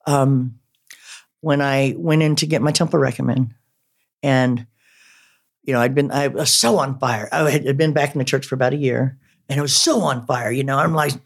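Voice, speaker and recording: A man's voice: mid-range voice, steady tone, creaky. Rambling, candid male storyteller. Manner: rambling, halting, with many fillers; candid and self-mocking. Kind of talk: personal storytelling.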